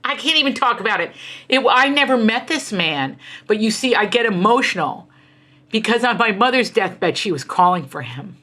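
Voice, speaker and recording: This middle-aged US author's voice is fairly high, animated, pushed, and bright, moving at normal speed. As an interview guest she tells family stories passionately and emphatically. She breaks into quoted voices in a lively conversational style.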